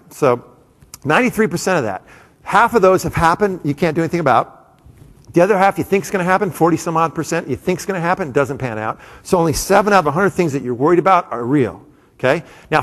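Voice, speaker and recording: A man giving a live, comedic motivational talk to an audience, animated and full of quick asides to the crowd. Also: a little high. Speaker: motivational speaker. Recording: long hall reverb.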